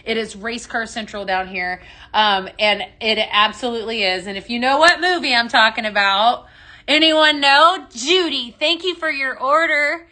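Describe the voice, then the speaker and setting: A Texan woman hosts a casual live stream on her phone, mixing fragrances while she chats bubbly, laughs a lot, and greets viewers by name. Her voice is fairly high, bright, and forceful at a normal speed.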